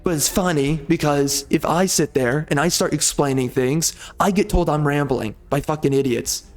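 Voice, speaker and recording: A man's voice: on the high side, moderate pace, faint music behind. A man hosting a gaming channel, ranting angrily and profanely over gameplay, agitated and repeating himself as he stumbles over words. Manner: angry, profane, stammering repetitions. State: agitated, seething.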